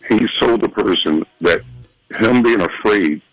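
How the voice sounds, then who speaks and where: A man from Philadelphia calling in to a radio show, telling a story in a casual, animated way. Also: measured pace, no echo, faint music behind, low-quality recording. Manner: animated, acts out quotes in a high voice. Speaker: phone-in guest. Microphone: phone call.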